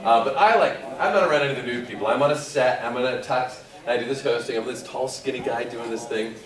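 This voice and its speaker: A man's voice: mid-range voice, fast talker. A middle-aged man, a guest voice actor on a convention panel, telling a rambling anecdote with chuckles and restarts. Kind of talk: casual anecdote told to an audience. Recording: echoey hall, distant mic, crowd. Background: audience murmur and laughter.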